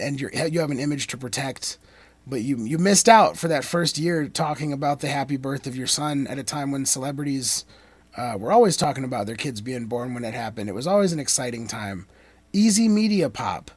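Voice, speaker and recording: A man who breaks down song lyrics in a casual monologue. He is animated and wanders off on tangents, swinging between emphatic peaks and quiet asides. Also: on the high side, no echo. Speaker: commentator breaking down rap lyrics.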